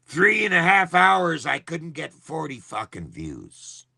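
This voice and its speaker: A man's voice: on the high side, huge pitch swings, takes it slowly, vocal fry, bright, forceful tone, no room sound, clean studio sound. A man hosting a livestream, delivering a heated, profane rant in a repetitive, angry style. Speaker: livestream host. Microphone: phone.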